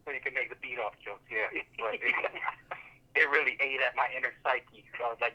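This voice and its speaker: A man's voice: medium pitch, steady tone, fairly quick, pushed and bright, rough recording. A man co-hosting a casual podcast, rambling through a crude story and laughing often. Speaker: podcast co-host.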